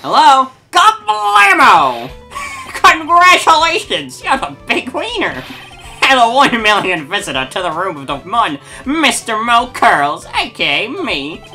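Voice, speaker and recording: A woman voicing a loud, jokey male circus clown who cackles at his own puns. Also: on the high side, huge pitch swings, measured pace, faint music behind, voice pushed up, full character voice. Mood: boisterous.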